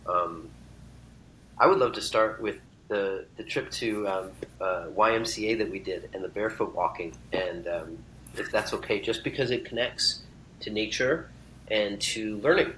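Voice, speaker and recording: An earnest man with a lowish voice talks in an effusive, reflective way during a relaxed podcast chat. A faint rumble hums beneath his voice. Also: normal speed, rough recording. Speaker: podcast guest, uncle of host. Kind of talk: casual conversation.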